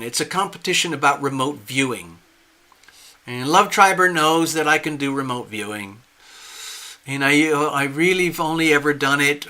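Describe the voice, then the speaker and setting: A man's voice: on the high side, bright, forceful tone. A man giving a tarot reading on a live stream, earnest and reassuring, often checking in with the listener. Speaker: tarot reader.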